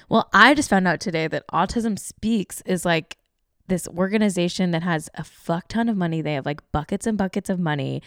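A woman's voice: on the low side, moderate pace, clean tone, no echo, clean studio sound. A woman hosting a show, giving sarcastic, casual celebrity gossip commentary, full of fillers. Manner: chatty, sarcastic, many fillers. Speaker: podcast host.

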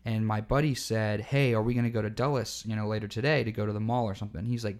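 A young adult man co-hosting a podcast, telling lively anecdotes in casual chat. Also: lowish voice, quick pace. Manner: lively anecdotes with many backchannel mm-hmms. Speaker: podcast co-host.

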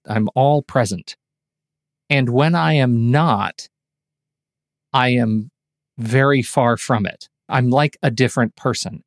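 A man's voice: mid-range voice, no room sound, studio quality. Earnest man asking searching questions. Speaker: podcast co-host. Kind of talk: casual conversation.

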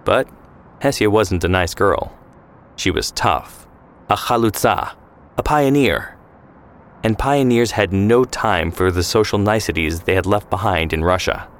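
A man narrating a scripted historical drama in a calm storytelling manner. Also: fairly low pitch, measured pace.

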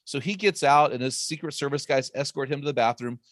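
A man, an author and guest, teaching on faith and marriage in an emphatic, preacherly way with quick asides. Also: mid-range voice, fairly bright tone, dry recording, clean studio sound.

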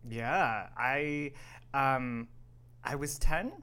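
A man in his late thirties from Canada, co-hosting a casual podcast chat, animated and quick to laugh. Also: medium pitch, clean tone. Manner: animated, laughs often, mimics others playfully. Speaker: podcast co-host.

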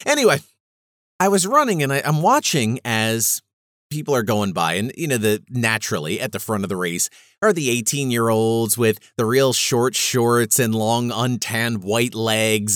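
A man's voice: mid-range voice, animated, measured pace, fairly bright tone, no room sound, clean studio sound. A man hosting his own show, telling a story in a casual, self-mocking monologue. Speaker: podcast host.

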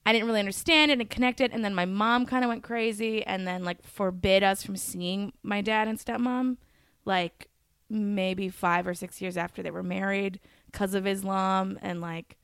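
Early-30s female comic guest, smooth clear voice, dry close mic, chatty and quick. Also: mid-range voice, steady tone, fairly bright tone, no room sound. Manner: chatty, laughs often, quick asides. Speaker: comedian guest. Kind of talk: casual comedic chat.

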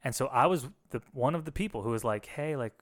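A man's voice: medium pitch, lively intonation, fast, a bit bright. Man, casual conversation, candid and reflective, restarts often, former pastor. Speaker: podcast co-host, former pastor.

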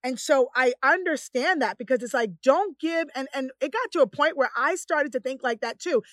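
A woman chatting casually, telling lively stories and acting out other people's voices. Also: high-pitched, fairly quick, dry recording. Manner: animated storyteller, acts out voices. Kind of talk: casual chat.

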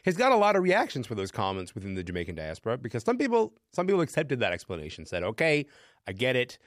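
A man's voice: mid-range voice, wildly swooping pitch, racing, no room sound. A man hosting a panel discussion on a radio show, asking probing questions. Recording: dry studio sound.

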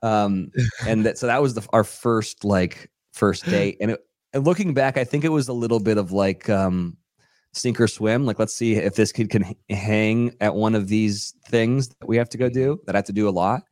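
A man on a podcast spins a rambling anecdote, acting out what people said with lots of "um" and "like". His voice sits a little low. The sound is close and dry, with hardly any room echo. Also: moderate pace. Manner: animated storyteller who acts out quotes, many fillers. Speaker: podcast guest, radio DJ and TV personality. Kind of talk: casual anecdotal storytelling. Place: podcast studio.

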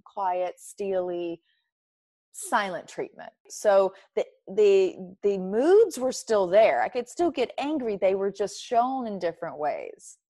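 A woman talks openly as a guest in a conversation, her voice recorded close and dry with no room sound. She is reflective and emphatic and breaks easily into laughter. Her pitch sits at a middle level for a woman. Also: very animated, slow, dark tone, no echo. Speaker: interview guest. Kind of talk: candid personal conversation.

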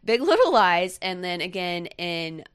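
A woman co-hosts a podcast in casual, rambling chat packed with fillers. Her fairly low voice swings widely in pitch, unhurried, clear and resonant, recorded in a clean studio with no room sound.

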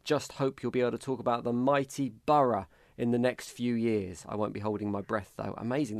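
A man hosting a football podcast, chatty and quick to laugh. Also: mid-range voice, no room sound. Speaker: podcast host. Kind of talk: casual football podcast chat.

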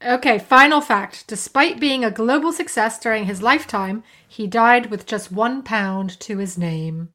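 A woman's voice: on the high side, unhurried, hardly any pauses, a bit bright. A woman co-hosting a scripted book podcast, teasing her partner in a dry way. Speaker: podcast co-host.

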